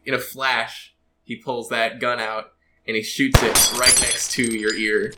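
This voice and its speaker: A man narrating as game master, animated and often laughing. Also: medium pitch, measured pace, very noisy.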